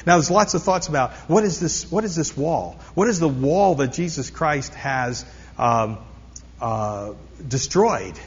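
A man's voice: fairly high pitch, animated, measured pace, breathy edge. A man preaching a sermon, emphatic, repeating key phrases and asking the congregation questions. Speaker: pastor. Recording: long hall reverb, dull lo-fi sound.

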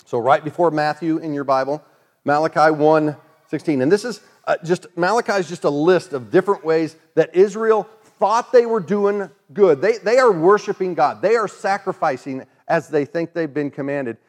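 A man preaches a sermon in a relaxed, conversational way. His voice sits a bit on the high side, and he briefly acts out the voices of the people he quotes. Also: normal speed. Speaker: pastor.

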